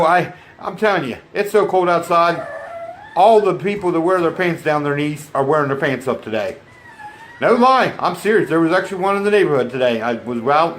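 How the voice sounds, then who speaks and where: A man's voice: a little high, slight background noise. Chatty man talking to his dogs at home. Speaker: vlogger and homesteader. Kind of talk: casual chat to camera. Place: home indoors.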